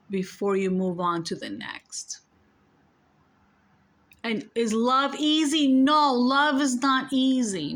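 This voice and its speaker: A woman with a New York accent and a bright, ringing voice that sits a little high for a woman. She talks straight to her viewers in a casual, emphatic way. She repeats her points, swears without holding back and keeps everything blunt. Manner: emphatic, blunt, curses freely. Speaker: spiritual storyteller. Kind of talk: casual spiritual storytelling to viewers.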